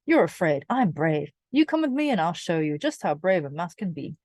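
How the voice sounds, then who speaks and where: A woman doing a cocky, loud little boy mouse. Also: on the low side, very animated, normal speed, no room sound. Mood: boastful. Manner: loud, boastful and scornful. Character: cocky brave young male wood mouse.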